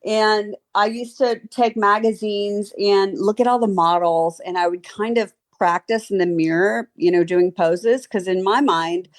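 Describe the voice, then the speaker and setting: A woman's voice: mid-range voice, steady tone, a little slow, hardly any pauses. A woman in her fifties from the Southern US with a slight Southern accent, chatting in a friendly way as a podcast guest. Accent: slight Southern American. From Baton Rouge, Louisiana. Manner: friendly, chatty, laughs easily. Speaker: guest, former model and author. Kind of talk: casual interview chat.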